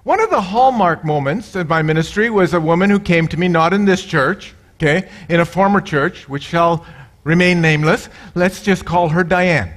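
A middle-aged male pastor preaching a sermon, animated, mixing jokes with scripture and acting out quoted voices. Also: moderate pace. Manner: animated, acts out quoted voices with loud high bursts.

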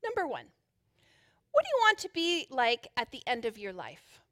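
Bright, high-voiced woman pastor. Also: huge pitch swings, normal speed. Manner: chatty and playful, laughing easily. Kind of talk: sermon.

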